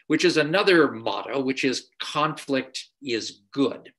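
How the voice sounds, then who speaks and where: A man's voice: mid-range voice, lively intonation, a little slow, a bit bright. A man giving a masterclass lecture as a screenwriter, telling anecdotes in a conversational way with frequent filler sounds and restarts.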